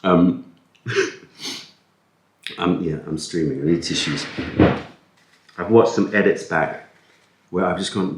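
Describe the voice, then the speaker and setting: A man with a deep, low voice rambles on in a relaxed, self-mocking way, stumbling over words as he eats. He is recorded on a camera-mounted mic in an echoey room. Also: slow pace, long pauses, a little hiss or hum. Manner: rambling, self-deprecating, talks with food in mouth. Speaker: food vlogger. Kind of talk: casual chat while eating. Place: indoors at a table, eating.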